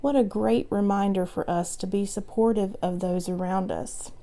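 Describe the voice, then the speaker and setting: A woman reads a folktale aloud for children. She tells it expressively, with a lilting rhythm, at a middling pitch. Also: fairly even intonation, moderate pace, warm tone. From Southwest Virginia. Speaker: library storytime reader.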